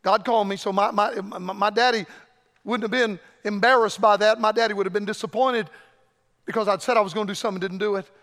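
An older man preaching a fiery revival sermon, his voice unusually high and ringing bright. He swings from shouts to hushed murmurs. The sound carries a long reverb from the church hall. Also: fairly even intonation, quick pace. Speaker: evangelist. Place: church sanctuary.

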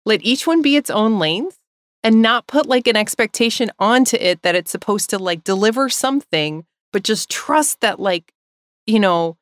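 A woman's voice: medium pitch, animated, moderate pace, no echo, clean studio sound. A woman co-hosting a podcast in casual, heartfelt chat, rambling and emotional, laughing often and tearful. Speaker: podcast co-host.

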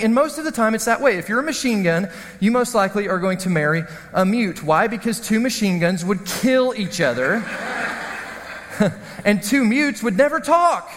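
A man preaching a sermon as the pastor, telling stories in an animated, self-mocking way. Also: sits high, big-room sound, a little hiss or hum. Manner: storytelling, animated, self-deprecating.

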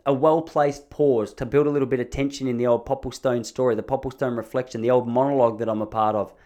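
A man's voice: mid-range voice, fairly even intonation, fast, dark tone. A man hosting a podcast from a home studio, telling rambling, self-mocking stories with lots of restarts. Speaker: podcast host. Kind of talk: casual comedic monologue.

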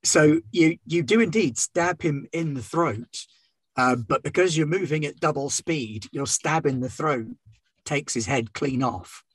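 Game master, male, husky, dry close mic, measured rules-explainer. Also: a little high, no echo. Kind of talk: narrating a tabletop game.

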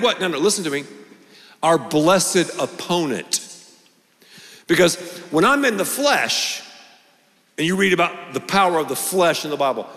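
A pastor preaching a sermon with animated, emphatic delivery and lots of repetition. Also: male voice, fairly high pitch, big-room sound.

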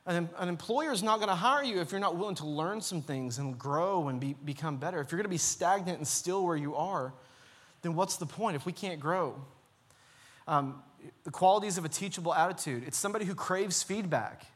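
Male pastor, fairly high voice, earnest, repetitive and urging. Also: brisk, a bit bright. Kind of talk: sermon. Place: church.

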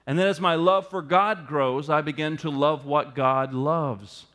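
A male pastor preaching a sermon to his congregation, building into an animated, humorous storytelling stretch. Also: on the high side, unhurried. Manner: animated storytelling, rising and loud in humorous asides. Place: church sanctuary.

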